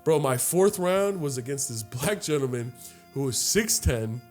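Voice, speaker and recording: A young man tells a long story on a casual podcast, cursing freely and jumping into the voices of the people in it. His pitch sits in the middle for a man. Faint music plays under the talk. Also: a little slow. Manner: profane, animated storytelling with acted-out quotes. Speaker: podcast co-host. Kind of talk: casual chat.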